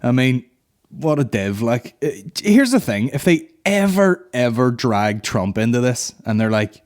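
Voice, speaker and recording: A man's voice: mid-range voice, sing-song, measured pace. A man hosting a comedy podcast, rambling crudely with heavy swearing. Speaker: podcast host. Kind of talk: casual comedy podcast banter.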